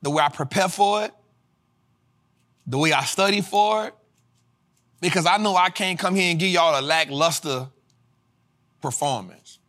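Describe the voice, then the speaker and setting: A male host teaching personal finance to a live audience in a casual, slang-filled way, swinging into sermon-like, sung-out shouts. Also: a little high, normal speed, long pauses. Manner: preacher-like cadence, rising to shouts. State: tired after a flight. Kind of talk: motivational livestream teaching.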